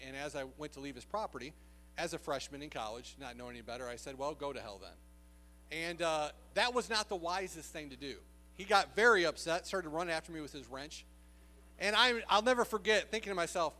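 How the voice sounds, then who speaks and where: A man's voice: on the high side, animated, fairly quick, pushed and bright. A man preaching a sermon, telling a personal story in an earnest, conversational way with frequent filler sounds.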